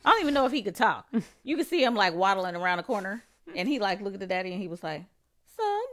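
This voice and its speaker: A woman's voice: mid-range voice, expressive, racing, dry recording. A woman hosting a casual panel chat, playful and joking with slangy talk. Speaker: host.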